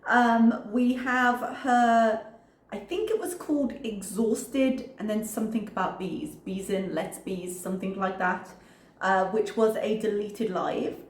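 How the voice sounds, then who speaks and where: A woman hosting a reaction channel, introducing the clips in a relaxed, conversational way with a few hesitations. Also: medium pitch, unhurried, reverberant. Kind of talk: casual commentary intro.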